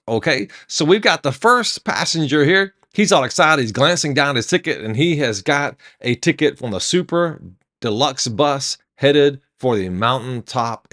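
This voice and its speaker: Man, devotional sermon, emphatic storytelling, mid-pitched voice. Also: a bit bright.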